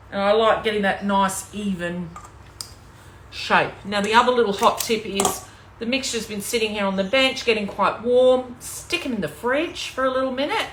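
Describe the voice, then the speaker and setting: A woman's voice: medium pitch, a bit bright, reverberant, a little hiss or hum. A woman with an Australian accent chatting to viewers as she cooks live in her home kitchen. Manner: chatty, talks to viewers while working. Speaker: cooking demonstrator and team leader. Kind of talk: live cooking stream chat.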